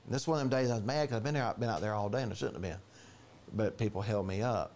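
A man preaching a conversational sermon in a church, animated and chatty, acting out quoted voices. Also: racing. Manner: animated, storytelling, jumps to higher pitch for quoted voices. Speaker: pastor.

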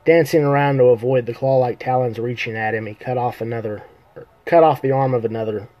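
A man's voice: mid-range voice, steady tone, fairly quick, lo-fi sound. A man reading his own fantasy novel aloud on a live stream, casual, often fixing his own slips. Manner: self-correcting, casual slips. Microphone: computer or phone mic on a live stream.

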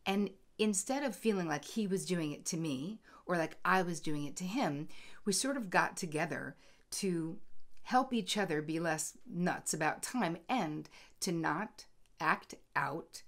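A middle-aged woman with a somewhat low voice tells a personal story with candid, animated energy. She acts out both sides of an argument as she goes. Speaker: host. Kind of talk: casual storytelling monologue.

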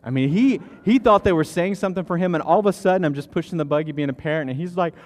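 A man in his thirties, a pastor, preaches a sermon in a church sanctuary, his voice slightly high and his pace quick. He tells stories casually and keeps restarting his sentences, and the recording carries the long reverb of a church hall.

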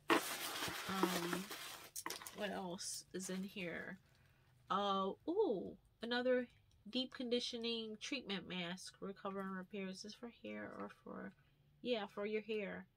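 A woman's voice: mid-range voice, fairly bright tone, slight background noise. A young adult woman chatting casually through a beauty haul and unboxing, rambling with lots of filler words. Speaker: beauty vlogger.

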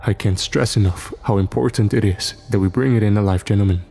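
A man's voice: lowish voice, brisk, vocal fry, mellow, faint music behind. A man voicing an eccentric, well-spoken male employer who speaks courteously and teases the people he has hired, keeping his secrets. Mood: smooth, secretive.

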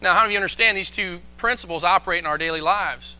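Pastor, male, high bright voice, animated live sermon delivery. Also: fast. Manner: animated preaching, acts out quoted voices. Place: church, live stream.

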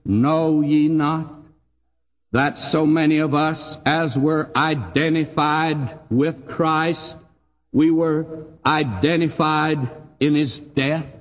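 An older man with a Texan accent preaching a sermon in a folksy, emphatic way, his voice swooping high on key phrases and dropping low. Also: steady tone, slow pace, in a large hall, lo-fi sound. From Texas. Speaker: pastor.

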